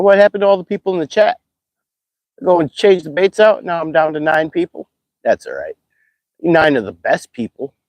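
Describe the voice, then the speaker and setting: Excitable male streamer, lively voice. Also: a little high, dry recording. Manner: excitable, chatty, whoops and squeals when thrilled. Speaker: live streamer. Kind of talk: casual live-stream chat while fishing.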